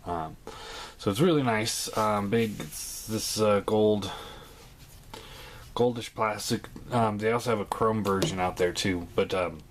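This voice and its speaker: A man casually reviewing a toy on a home vlog, talking in a hesitant, relaxed way full of ums and uhs. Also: lowish voice, a little hiss or hum.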